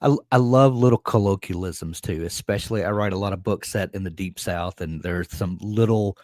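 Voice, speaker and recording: Low-voiced man explaining calmly. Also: brisk, no echo. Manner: relaxed, thoughtful, explains with examples. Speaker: co-host of a writing sprint stream. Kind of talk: casual chat about writing.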